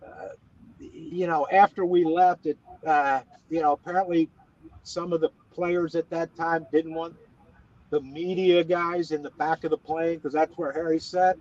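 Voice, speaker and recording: A man's voice: fairly high pitch, level tone, unhurried, darkish tone. A middle-aged man from West Virginia, a former ballplayer guesting on a chat show, telling stories in a rambling, folksy way full of restarts. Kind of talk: casual interview chat. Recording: dull, dry lo-fi audio.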